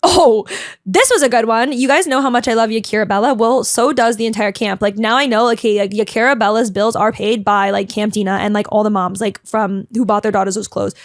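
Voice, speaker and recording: Bubbly chatty young woman, high voice. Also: fairly quick, no room sound, studio quality. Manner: chatty and bubbly, heavy use of "like", dramatic; talks a lot, emotional. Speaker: vlogger. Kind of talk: casual storytelling vlog.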